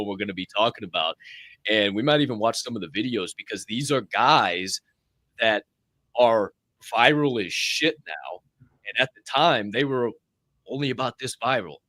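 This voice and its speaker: A man hosting a live podcast, chatting in a profane, animated way. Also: on the low side, no room sound, studio quality. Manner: profane, animated, acts out quoted voices. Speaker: podcast host. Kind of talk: casual live-show chat.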